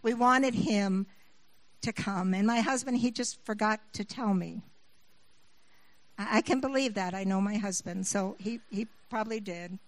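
A woman's voice: medium pitch, unhurried, no echo, rough recording. A middle-aged woman preaching a sermon. She moves between scripture reading and personal stories, rising with emphasis when she appeals to her listeners.

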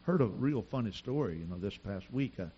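A middle-aged man preaching a sermon, telling stories in an animated, repetitive way with frequent restarts. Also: fairly low pitch, fairly quick, slightly rough, lo-fi sound. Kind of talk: sermon with storytelling.

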